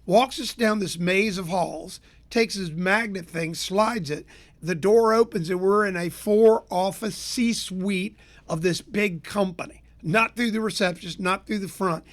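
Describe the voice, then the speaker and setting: A man from Florida, a business consultant hosting his own show, telling sales stories in a folksy, energetic rant. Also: high voice, measured pace. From Tampa area, Florida. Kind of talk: storytelling rant to listeners.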